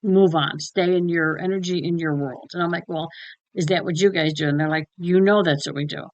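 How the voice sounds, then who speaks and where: Woman co-host, lowish voice, dry close sound, blunt and salty, retells stories with quoted voices. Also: brisk, dry recording, dull audio. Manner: frank and blunt, swears freely, retells conversations with lively quoting. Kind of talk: casual spiritual chat.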